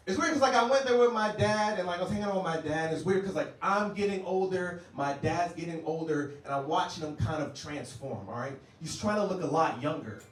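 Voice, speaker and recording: Brash comedian with a high voice. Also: male voice, brisk, a little hiss or hum. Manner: brash, joking, works the crowd. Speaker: stand-up comedian. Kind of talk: stand-up set. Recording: roomy club sound, distant mic.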